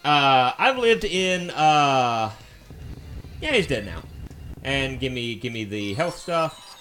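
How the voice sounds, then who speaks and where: A man's voice: mid-range voice, big pitch swings, slow pace, fairly bright tone, faint music behind. A man from Alabama with a mild Southern US accent, chatting in a rambling, easy-going way while live-streaming a video game. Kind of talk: casual live-stream chat while playing.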